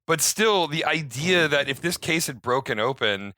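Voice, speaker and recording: A man recapping a movie in casual podcast chat, talking fast and loose, laughing and acting out lines as he goes. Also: on the high side, expressive, pushed and bright, no room sound. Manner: chatty, laughing, acts out quotes. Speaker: podcast host recapping a film.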